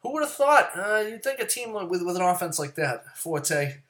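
A man casually giving his fantasy football picks in a rambling, profane rant that swings from loud and worked up to low muttering. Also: sing-song, moderate pace. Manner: profane, rambling and ranting, swears often; gets loud and worked up, then drops back to low mutters.

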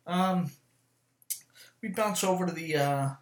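A man chatting casually to camera, rambling and swearing often, with lots of fillers and quick self-corrections. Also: sits high. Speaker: vlogger. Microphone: camera mic. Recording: echoey room.

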